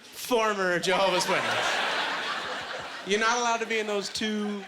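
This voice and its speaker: Heavy background noise and loud audience laughter surround a Canadian man in his thirties doing stand-up in a comedy club. His high-pitched delivery is unhurried as he tells rambling, self-mocking anecdotes peppered with fillers.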